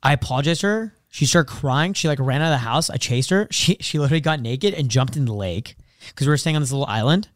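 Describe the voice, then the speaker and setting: A man's voice: mid-range voice, expressive, fast talker, dry recording, studio quality. A young man chatting as a podcast co-host, telling crude stories bluntly and acting out quotes. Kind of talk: casual chat.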